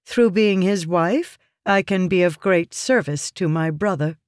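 A reader voicing a stern, cold noblewoman of high birth who speaks flatly and commandingly in an audiobook. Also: unhurried, clear, resonant tone, no echo, clean studio sound, lightly acted. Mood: composed. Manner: flat, clipped, commanding.

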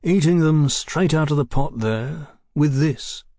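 A man's voice: a little high, measured pace, warm tone, pitched above the performer's own voice. A dour, matter-of-fact Victorian detective, as a male narrator puts him on in an audiobook. He states his findings plainly and grimly, in a dry recording with no room echo.

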